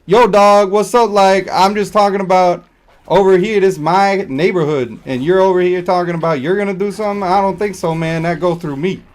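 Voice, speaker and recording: A man voicing a swaggering street tough who claims to run the whole block, talking loud and challenging. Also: sits high, steady tone, a little fast, voice pushed up, lightly acted.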